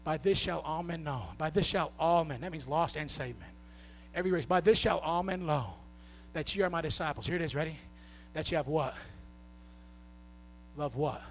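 A man preaching a sermon with a Southern US accent, swinging from shouted, half-sung peaks down to soft, low talk. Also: normal speed, a little hiss or hum.

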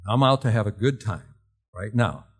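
A man doing a tough street man, deep low murmur, menacing, protective, sermon story voice. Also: lively intonation, moderate pace, husky.

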